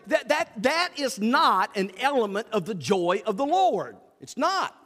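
A male pastor with a drawl preaches in a folksy, lively style, his fairly high voice leaping up and down in pitch. The sound carries a long church reverb. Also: a little slow. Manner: folksy, animated preaching with acted-out asides. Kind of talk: sermon. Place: church sanctuary.

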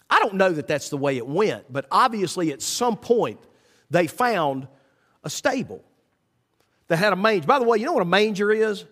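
A man preaching a sermon, folksy and animated in his storytelling. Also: high-pitched, moderate pace. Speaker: pastor. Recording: echoey church hall.

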